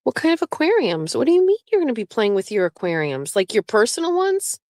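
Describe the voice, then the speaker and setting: A woman's voice: a little high, wildly swooping pitch, a little fast, darkish tone, no room sound. Woman livestream host, casual and blunt, swears freely, dry close sound. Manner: blunt, profane, talks back to chat. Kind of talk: casual live-stream chat with viewers.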